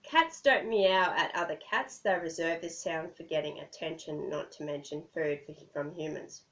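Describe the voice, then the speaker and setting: Australian woman, vlogger, casual rambling chat, gravelly voice, distant mic. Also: low voice, normal speed, lo-fi sound. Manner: chatty, rambling, self-deprecating, laughs often.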